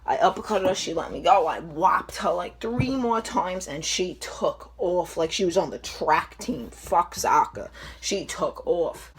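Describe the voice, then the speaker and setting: Brash low-voiced young woman storyteller. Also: measured pace. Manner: brash, swearing, animated storytelling. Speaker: vlogger. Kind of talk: storytime vlog.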